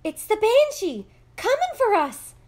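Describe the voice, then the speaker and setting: A woman voicing a frightened little immigrant girl in a storybook, high and tearful. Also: expressive, measured pace.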